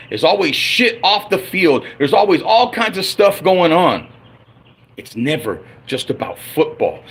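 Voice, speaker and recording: Profane, heated husky man ranting. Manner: profane, heated, swinging from loud outbursts to low grumbles. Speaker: livestreamer ranting about his football team. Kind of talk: angry unscripted livestream rant.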